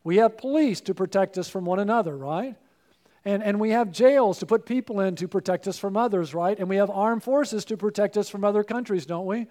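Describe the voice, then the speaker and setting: A man's voice: sits high, brisk, mellow. A man preaching a sermon, earnest and personal, often putting questions to his listeners.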